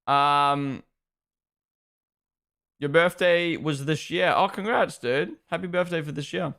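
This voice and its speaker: A man's voice: on the high side, slow pace, vocal fry. A young man hosting a live race watchalong, chatting casually, reading chat and swearing bluntly. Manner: blunt and animated, swears freely.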